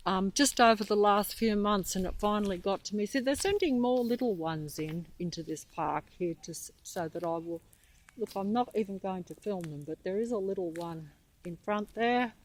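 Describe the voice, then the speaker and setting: A breathless woman talks into her phone while walking through a park, rambling and trailing off. Her pitch sits mid-range for a woman. Faint background noise runs under the outdoor recording. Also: low-quality recording. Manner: trailing off, halting and restarting. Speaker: vlogger filming on a walk. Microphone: handheld phone.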